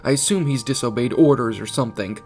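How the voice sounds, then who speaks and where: A grave, steady British teenage leader, as a male narrator puts him on, near the narrator's own pitch. He speaks with calm seriousness in a storybook reading. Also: fast, faint music behind, lightly acted. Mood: serious.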